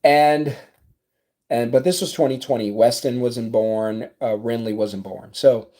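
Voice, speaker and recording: A man in his thirties with a South Louisiana accent, a business coach telling a story to camera in his office in an animated, conversational way. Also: medium pitch, a little slow. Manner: animated, conversational, acts out dialogue.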